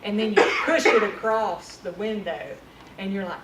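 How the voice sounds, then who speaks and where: A woman trainer talks through a workshop in a candid, conversational way. She sounds distant from the mic in a reverberant room. A steady noise sits under her voice. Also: mid-range voice, a little slow. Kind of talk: workshop presentation. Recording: echoey room from far off with noise.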